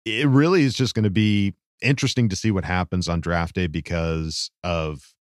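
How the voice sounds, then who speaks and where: A man's voice: low-pitched, steady tone, moderate pace, no echo, studio quality. A man co-hosting a sports podcast in loose casual chat, full of likes and you-knows. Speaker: podcast co-host.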